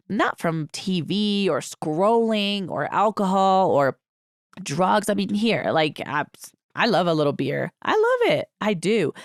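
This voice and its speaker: A woman's voice: fairly low pitch, no echo, clean studio sound. A young adult woman hosting a podcast, giving a casual, emphatic motivational talk full of "like" and "freaking". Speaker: podcast host. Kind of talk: motivational monologue.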